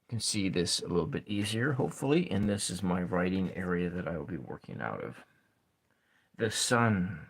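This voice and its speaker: A man giving a soft-spoken ASMR lesson at his writing desk, thinking aloud as he counts syllables and spells out words. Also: sits low, expressive, fast, vocal fry, slightly rough. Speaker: ASMR poetry teacher. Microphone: camera set over his desk.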